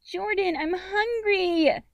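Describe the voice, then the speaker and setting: A woman's voice: sing-song, moderate pace, dry recording, full character voice. A woman voicing a whiny, demanding nine-year-old girl, the younger sister. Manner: whiny, shrill, loud.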